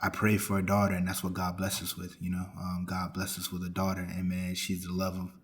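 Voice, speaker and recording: Deep voiced guy, aave, earnest and reflective, pretty flat delivery, lots of "you know what i'm saying". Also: fairly quick. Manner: earnest, reflective, many fillers. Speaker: interview guest. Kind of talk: casual interview chat.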